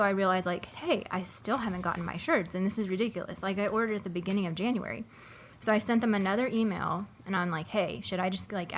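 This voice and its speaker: A young woman co-hosting a podcast, telling a long story in a casual, animated way with many fillers. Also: mid-range voice. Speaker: podcast co-host. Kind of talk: casual chat.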